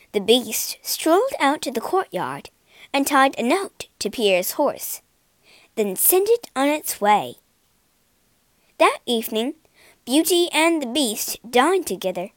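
A woman reading a children's storybook aloud with lively expression. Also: a little high, dry recording. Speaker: storybook reader.

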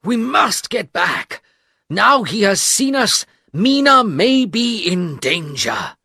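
A man doing an urgent old professor, voice pitched high. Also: very animated, slow pace, vocal fry, bright, forceful tone, breathy edge, no room sound, clean studio sound, exaggerated voice. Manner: urgent, commanding. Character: urgent elderly male vampire hunter professor.

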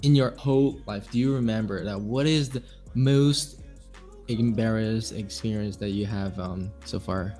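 Low-voiced host, a Chinese speaker using English. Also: male voice, steady tone, warm tone, faint music behind. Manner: asks questions in simple, halting English with frequent "uh-huh". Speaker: podcast host. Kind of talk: casual interview chat.

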